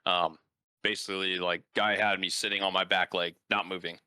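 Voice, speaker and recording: A man's voice: deep voice, normal speed, clear, resonant tone, dry recording. A man hosting a casual interview, telling stories with lots of "like" fillers. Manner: animated storyteller, frequent "like" fillers. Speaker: podcast host and baseball coach.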